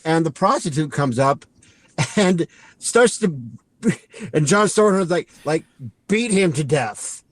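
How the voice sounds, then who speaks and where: This podcast co-host has a slightly high, animated voice and no echo around it. He rambles casually through a movie recap, performing lines along the way with quick asides.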